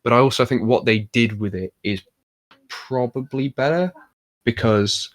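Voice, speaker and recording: A man's voice: mid-range voice, unhurried, dry recording. A young man hosting a casual podcast, talking in a rambling, wry way full of fillers. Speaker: podcast host. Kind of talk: casual chat about wrestling.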